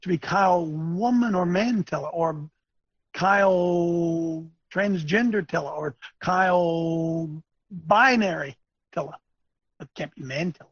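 A man hosting a webcast, delivering a preachy, ranting commentary, repeating himself emphatically and swinging between loud bursts and low muttering. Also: slow pace, no echo. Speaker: webcast host. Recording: dull lo-fi dry recording.

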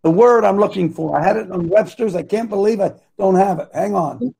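Man, talk show host, gravelly, husky, rambling, loses his thread. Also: high-pitched, fairly quick, mellow. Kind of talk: live talk show with prayer.

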